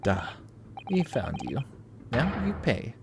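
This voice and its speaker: Man putting on a gruff Russian ship officer. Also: mid-range voice, huge pitch swings, takes it slowly, background noise, full character voice. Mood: accusing. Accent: put-on Russian. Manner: menacing, clipped, accusing. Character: stern Eastern European male ship officer.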